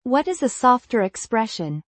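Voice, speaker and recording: A woman reading an English lesson in a clear, measured way, saying each example phrase twice. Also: on the high side, big pitch swings, fairly bright tone, no room sound. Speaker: English teacher voice. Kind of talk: slow scripted language-lesson reading.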